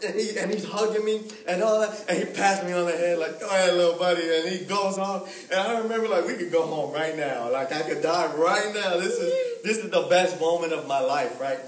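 A young man preaching in a lively, slangy storytelling style, acting out the voices of the people in his story. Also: sits high, a little fast, few pauses. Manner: animated, slangy, acts out voices. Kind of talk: storytelling sermon. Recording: echoey room, mic at a distance.

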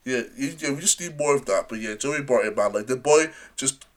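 A young man co-hosting a casual podcast chat, animated and often laughing. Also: medium pitch, brisk. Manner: animated, laughing, excitable outbursts. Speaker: podcast co-host.

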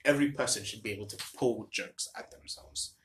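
Young man, casual chat, bright forceful tone, joking and blunt, faint background hiss. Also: on the low side, brisk, reverberant. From India. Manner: blunt, joking, animated opinions. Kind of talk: casual chat between friends.

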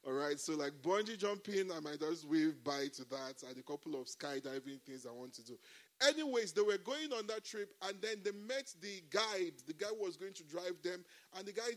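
High-voiced animated male preacher. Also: normal speed. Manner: animated, frequent exclamations of praise; folds laughter and humor into preaching. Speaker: pastor. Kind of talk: sermon.

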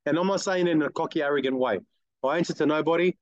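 A middle-aged man, a guest telling blunt, lively stories in an interview and acting out other people's lines. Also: fairly high pitch, quick pace, no echo, highs cut off. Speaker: guest, car detailing business owner. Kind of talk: casual interview storytelling.

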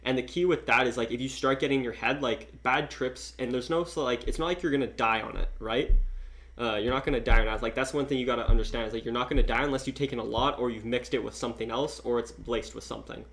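A man's voice: medium pitch, steady tone, quick pace, fairly bright tone. A man casually telling a long story, rambling and full of filler words. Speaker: podcast host telling a story.

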